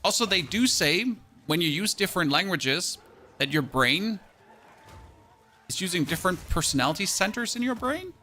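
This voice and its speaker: A man from Germany with a German accent, chatting casually with his live-stream chat while gaming, self-mocking and quick to exclaim. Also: sits high, expressive, pushed and bright, slight background noise. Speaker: game streamer.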